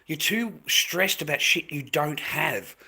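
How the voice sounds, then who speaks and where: A man's voice: fairly high pitch, expressive, slow pace, gravelly, sharp tone, breathy edge, no echo. A middle-aged man giving coarse, swearing, emphatic advice to other men in a blunt monologue.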